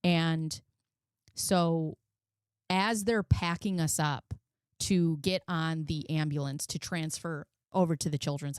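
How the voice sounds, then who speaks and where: A woman's voice: low-pitched, fairly even intonation, slow, smooth, dry recording, studio quality. A woman in her forties talking casually and bluntly, swearing often as she tells a personal story on her commentary channel. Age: 40s. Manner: blunt, frequent swearing, emotional. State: close to tears.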